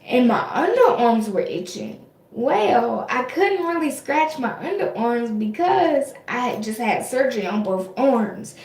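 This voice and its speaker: A young woman with a fairly high voice tells a personal story to her viewers. She talks casually, full of fillers and restarts, and the room around her is echoey. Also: sing-song, a little slow, a little mellow. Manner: chatty, frequent fillers and restarts. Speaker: vlogger.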